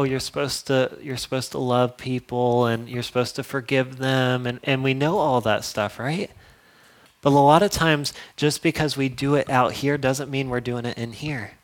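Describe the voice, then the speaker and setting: A young man preaching a casual, conversational sermon, upbeat and then dropping to a soft prayerful tone. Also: medium pitch. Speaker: pastor.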